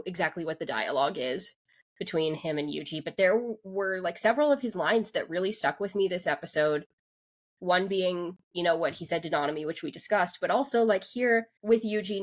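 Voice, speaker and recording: A woman co-hosting a podcast, talking through an anime episode in casual chat with lots of "like" fillers and restarts. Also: low voice. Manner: rambling, full of "like" fillers and restarts. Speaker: podcast co-host.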